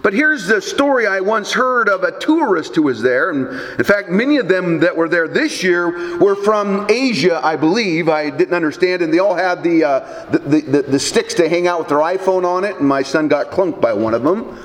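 A middle-aged pastor preaching a sermon, telling folksy stories with dry humor. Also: male voice, high-pitched, animated, normal speed, hardly any pauses, a bit bright. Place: church. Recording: reverberant church sanctuary.

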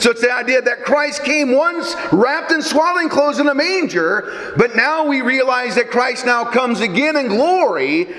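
A male Lutheran pastor delivers a sermon, easing into a story in a conversational tone. His voice sits very high and moves around a lot. The sound rings through a roomy church. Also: a bit bright. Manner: storytelling, conversational with occasional restarts. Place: church sanctuary. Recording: echoey hall with long reverb.

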